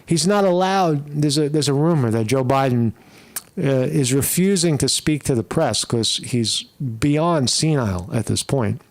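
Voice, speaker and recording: A man's voice: mid-range voice, unhurried. A man hosting political commentary, blunt and scornful, swearing often as he reacts to clips. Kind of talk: opinionated commentary over clips.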